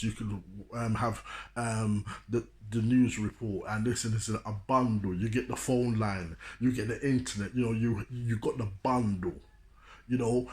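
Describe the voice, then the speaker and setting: A man's voice: medium pitch, a little mellow. A man from London with a London accent, giving a preachy motivational talk and repeating "you know what I'm saying". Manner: addresses listeners like a preacher. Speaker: street speaker.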